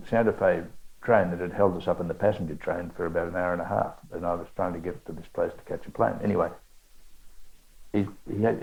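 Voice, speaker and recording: An older Australian man with a low, gravelly voice rambles through anecdotes at a bookshop literary event. He stops and restarts his sentences as he goes. The sound is dull and lo-fi. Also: a little mellow. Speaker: author in conversation. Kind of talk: onstage literary conversation.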